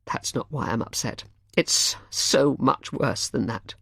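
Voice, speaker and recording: A woman voicing a heartbroken young man in an audiobook, speaking in a hushed, choked, halting way. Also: medium pitch, gravelly, breathy edge, no room sound, clean studio sound, heavily acted. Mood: distraught. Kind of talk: audiobook character voice.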